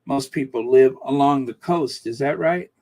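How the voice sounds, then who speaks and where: A man's voice: medium pitch, normal speed, a little mellow. A man hosting a casual live stream, chatting in a musing way and reading out viewer comments, with many fillers and restarts.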